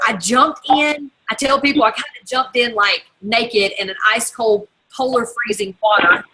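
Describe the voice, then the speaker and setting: A woman's voice: fairly high pitch, low-quality recording. A woman giving an emphatic, motivational talk as a guest speaker on a team call. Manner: energetic, emphatic, repeating for effect.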